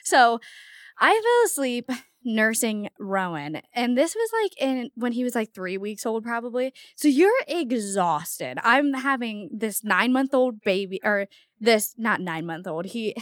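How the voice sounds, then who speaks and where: A young woman co-hosting a podcast, telling animated stories about parenting mishaps in casual chat with lots of laughter. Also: a little high, a little slow, no echo, studio quality. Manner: animated storytelling, laughing often. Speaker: podcast co-host.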